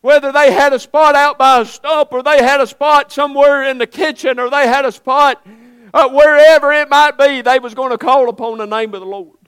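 A man's voice: very high-pitched, steady tone, moderate pace, fairly bright tone, dry recording. A man preaching a sermon in a folksy, earnest way, rising to emphatic swells.

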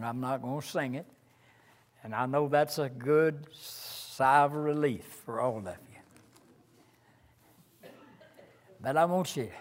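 An older man preaching a sermon in a slow, earnest way, reciting hymn lines with rising emphasis. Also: medium pitch.

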